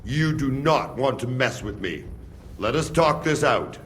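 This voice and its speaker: A man voicing a stubborn, loyal guard from Buda who speaks calmly and firmly, with quiet threat, in a game cutscene. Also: mid-range voice, a little slow, a little hiss or hum. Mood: tense. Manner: calm, firm and threatening. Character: stubborn, loyal male guard holding captives. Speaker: a king's guard.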